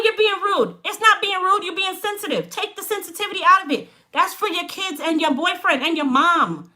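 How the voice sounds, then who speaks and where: Woman, business owner, high voice, Chicago accent with Jamaican touches, blunt, animated live-stream storyteller. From Chicago, United States. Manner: blunt, straight-talking, animated. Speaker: hair care business owner.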